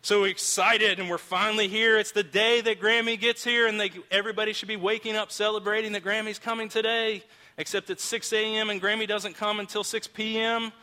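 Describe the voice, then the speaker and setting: A man's voice: high voice, flat delivery, a little fast, pushed and bright, in a large hall. A man in his thirties preaching a sermon in a casual storytelling way, often restarting his sentences, recorded in a church auditorium. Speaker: pastor.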